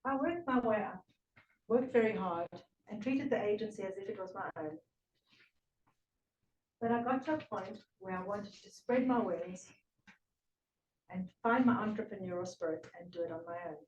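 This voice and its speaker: A woman from South Africa with a South African accent, slightly British-tinged, giving a prepared speech at a speaking club, earnest with emphatic pauses. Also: mid-range voice, a little mellow, dull audio. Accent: South African English with a slight British tinge. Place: meeting room. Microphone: room recording from a distance. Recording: echoey room from far off.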